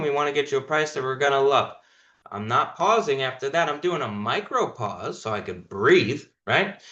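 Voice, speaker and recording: A man's voice: a little high, fairly bright tone, roomy sound, highs cut off. A man managing a sales team, coaching them through a meeting in an emphatic, instructive way. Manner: emphatic, instructive, demonstrates call lines.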